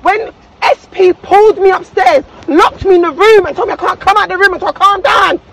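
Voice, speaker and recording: A woman in a heated argument in a car, angry, upset and near tears, shouting, swearing and talking over everyone. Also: very high voice, fairly quick, very noisy. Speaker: guest on a reality show. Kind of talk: heated confrontation.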